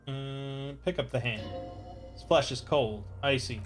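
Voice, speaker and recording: A man playing a video game and reading its dialogue and narration aloud in a dry, deadpan way. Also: medium pitch, a little slow, soft background music. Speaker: let's play narrator.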